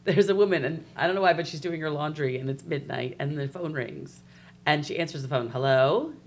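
A woman co-hosting a local podcast, chatting casually and telling jokes with animated delivery. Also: low voice, a little fast. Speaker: podcast co-host. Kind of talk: casual chat.

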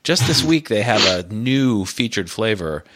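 A middle-aged man co-hosting a podcast, talking casually with a lively, swinging voice. He pokes fun at himself and laughs easily. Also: fairly low pitch, unhurried, heavy background noise. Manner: chatty, self-mocking, laughs often. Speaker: podcast co-host. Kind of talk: casual chat.

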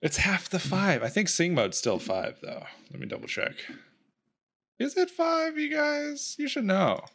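A man's voice: sits high, sing-song, a little slow, fairly bright tone. A man hosting a podcast in casual chat, joking and laughing often and tripping over his words. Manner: jokey, laughs a lot, stumbles over words. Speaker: podcast host.

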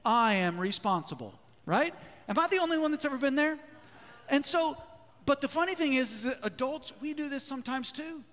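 A man preaching a sermon as a pastor in a church, lively, often putting questions to the congregation. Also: extremely high pitch, a little fast. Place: church sanctuary. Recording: long hall reverb.

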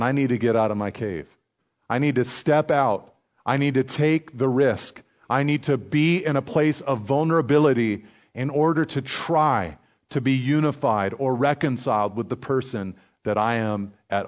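A man preaching a sermon in a conversational way, lifting his voice for emphasis and then dropping it soft, with quick asides and light laughs. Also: mid-range voice. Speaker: pastor.

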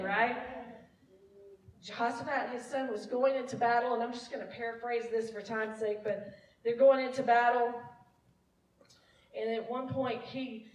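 Worship leader lady giving a chatty sermon, kinda high voice, roomy church sound, mic a bit far off. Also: a little hiss or hum. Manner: conversational and self-deprecating, laughing often. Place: church sanctuary. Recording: echoey room, mic from afar.

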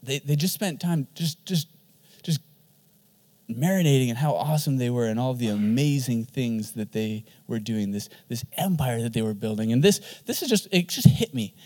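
A man who is a pastor, preaching an animated sermon and often repeating words for emphasis. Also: mid-range voice, moderate pace.

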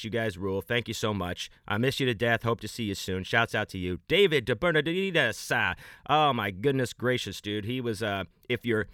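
A man hosting a podcast, giving loose, rambling, enthusiastic shout-outs to supporters in casual talk. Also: medium pitch, clean tone, dry recording, clean studio sound. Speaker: podcast host.

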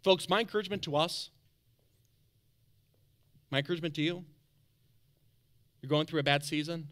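A man preaching a sermon as pastor, animated, calling out to the congregation for responses, then dropping soft for encouragement. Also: moderate pace. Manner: drops to a soft, low tone for quiet encouragement.

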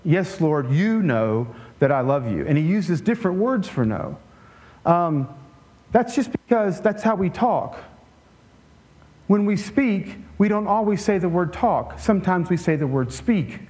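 A man preaching a conversational sermon in a relaxed way, with joking asides and frequent restarts. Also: high-pitched, a little slow. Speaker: pastor.

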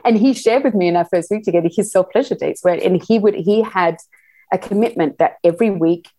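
A middle-aged woman talking casually as a podcast guest, animated and laughing often as she acts out little quotes. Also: mid-range voice, a little fast. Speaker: podcast guest, sex educator. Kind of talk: casual interview chat.

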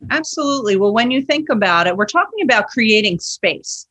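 This yoga teacher, interviewed on a podcast, tells sincere stories and performs the quoted lines herself. Her voice is a little high, bright, and breathy at the edges, with lively intonation and a slightly fast pace.

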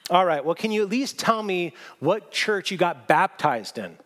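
A man's voice: high voice, very animated, moderate pace, fairly bright tone, voice pushed up. A pastor voicing an impatient male angel who questions a newcomer at heaven's gate in a brusque, interrogating way.

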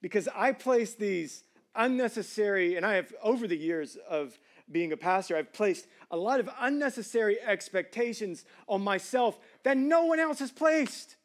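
A middle-aged pastor preaching a sermon in a casual, conversational way, with slangy fillers. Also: male voice, high-pitched, lively intonation, moderate pace.

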